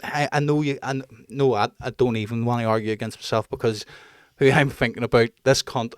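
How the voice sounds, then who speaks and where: A man's voice: medium pitch, steady tone, brisk, clear, resonant tone, no room sound, studio quality. A man, co-hosting a podcast and ranting bluntly with plenty of swearing. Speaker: podcast co-host. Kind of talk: casual chat.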